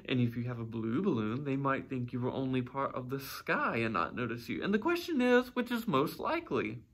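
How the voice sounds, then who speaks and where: A man voicing a gentle, earnest, simple-minded toy bear in a storybook read-aloud, talking in a ponderous, slightly anxious way. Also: medium pitch, sing-song, a little fast. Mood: earnest, musing.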